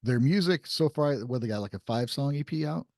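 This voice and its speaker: A man co-hosting a podcast in casual chat, reading music news items aloud in a relaxed way. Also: medium pitch, brisk, no echo, clean studio sound. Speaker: podcast co-host.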